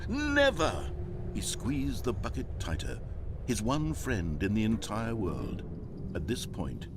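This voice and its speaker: A dry game narrator. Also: male voice, mid-range voice. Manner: dry, mock-dramatic, deadpan. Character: wry omniscient adult male storyteller narrator. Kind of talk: scripted storybook narration.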